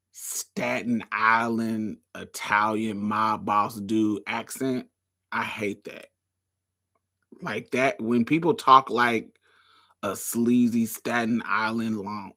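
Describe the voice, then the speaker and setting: A man's voice: on the low side, bright, forceful tone. A man in casual podcast chat, blunt and opinionated as he talks through his likes and dislikes.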